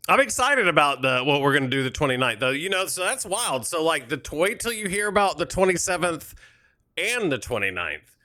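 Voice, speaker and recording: A man's voice: fairly high pitch, very animated, brisk, bright, forceful tone, no room sound, studio quality. A young man chatting casually on a live stream, joking, laughing and thanking viewers while setting up a flight.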